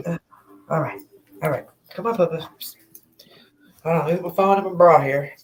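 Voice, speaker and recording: A woman's voice: lowish voice, normal speed. A woman hosting a late-night livestream from home, rambling, laughing and getting drowsy. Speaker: livestream host. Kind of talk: late-night casual chat. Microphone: laptop or phone mic. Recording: echoey room.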